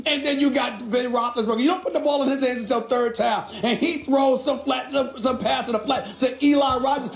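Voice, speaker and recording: A man's voice: extremely high pitch, echoey room. A man on a sports debate panel, talking emphatically in a heated rant and repeating his points. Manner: emphatic, ranting, repeats himself.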